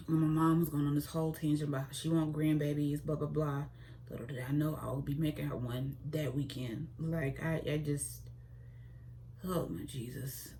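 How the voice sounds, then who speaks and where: Young female vlogger, low pitch, chatty and expressive, slight hiss. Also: normal speed, low-quality recording. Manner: chatty and expressive, with sudden high-pitched exclamations. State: pregnant. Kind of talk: casual chat to camera.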